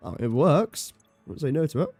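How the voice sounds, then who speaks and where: A man with a mellow, warm voice talks his way through a building game on a live stream, thinking aloud and counting under his breath. He is self-mocking and chatty. The sound is dry and close, with faint game music behind him. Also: fairly high pitch, sing-song, fairly quick, no room sound. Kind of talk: casual live-stream commentary.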